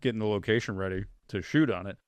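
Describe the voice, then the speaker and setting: A man's voice: fairly low pitch, quick pace, dry recording. A man hosting a horror movie podcast, casually retelling scenes in a rambling, swearing way. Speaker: podcast host. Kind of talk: casual chat.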